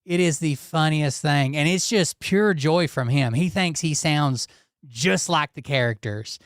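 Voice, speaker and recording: A man's voice: a little high, unhurried, fairly bright tone, no room sound, studio quality. A man hosting a commentary show, talking casually in a blunt, profane and sarcastic manner. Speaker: commentary channel host.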